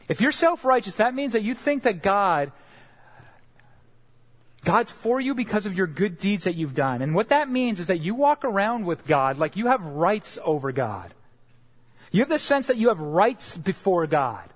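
A male pastor preaching with a light, high-set voice that swoops up and down with a lot of expression. He talks earnestly to the congregation and keeps checking in with a quick "right?". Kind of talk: sermon.

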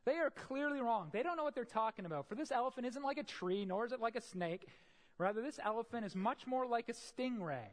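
A preacher voicing a blind beggar man who briskly scorns the other two men. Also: medium pitch, animated, lightly acted. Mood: scornful.

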